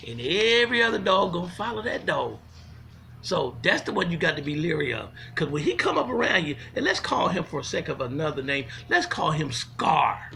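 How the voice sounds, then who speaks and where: A man telling comic stories in a folksy, animated way, swinging from loud to hushed. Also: high voice, creaky, a little hiss or hum. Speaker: storyteller. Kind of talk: comic storytelling monologue.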